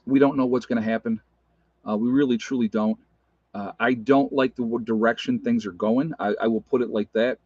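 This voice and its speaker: A man's voice: medium pitch, steady tone, fairly quick, a little mellow, no room sound. Man rambling on a dull, lo-fi livestream. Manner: rambling, conversational, answers viewer comments. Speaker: livestream host. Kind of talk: casual livestream talk with chat. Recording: dull lo-fi stream audio.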